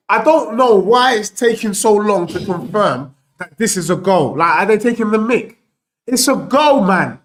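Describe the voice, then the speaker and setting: A young man hosting a live football watchalong, bantering excitedly and reading out viewer messages. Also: high-pitched, normal speed. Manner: excitable, animated banter, reads out super chats.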